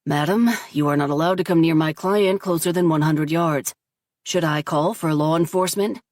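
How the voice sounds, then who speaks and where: A woman's voice: low voice, normal speed, a little mellow, slightly rough, no echo, studio quality. A woman voicing an earnest, persistent middle-aged male defense lawyer who speaks formally and keeps pressing his point, in a storybook narration.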